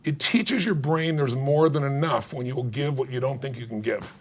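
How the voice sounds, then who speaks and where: A man's voice: medium pitch, moderate pace. A middle-aged man, an interview guest, telling a story animatedly and acting out quoted dialogue. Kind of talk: storytelling in a conversation.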